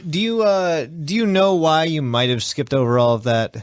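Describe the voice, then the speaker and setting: A man co-hosting a podcast, joking and swearing casually with animated reactions. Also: on the high side, normal speed, clean tone, no echo, clean studio sound. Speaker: podcast co-host. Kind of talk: casual chat.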